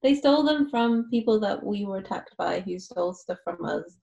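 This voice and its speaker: Quick-talking woman in a tabletop game. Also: mid-range voice, lively intonation, creaky, warm tone, lo-fi sound. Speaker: player. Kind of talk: tabletop role-play.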